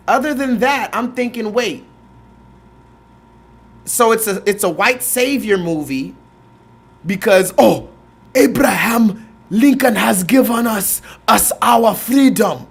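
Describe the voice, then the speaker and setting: Animated man ranting on a livestream. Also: sits high. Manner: animated, rant-like, quick asides; mocking put-on voices when quoting films. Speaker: host. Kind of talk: casual commentary on a livestream.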